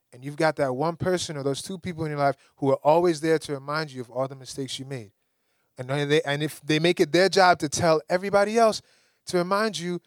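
Lively young male preacher, dry sound. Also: a little high, no room sound. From Caribbean. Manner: lively, rising to emphatic peaks. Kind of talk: sermon.

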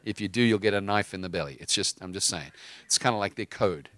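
A low, slightly bright voice drives quickly through impassioned preaching, delivered with fiery emphasis. The man, a preacher and host, interlaces scripture with stories and casual remarks. No room sound can be heard.

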